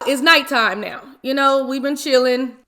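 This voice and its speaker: A woman in her twenties telling a story casually while eating, animated and full of slang and exclamations. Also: high-pitched, a little slow, slight background noise. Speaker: mukbang vlogger.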